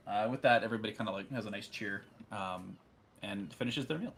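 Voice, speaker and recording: A man's voice: fairly low pitch, brisk, fairly bright tone. Casual, hesitant male game master. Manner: casual, hesitant with many fillers. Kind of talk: narrating a tabletop game.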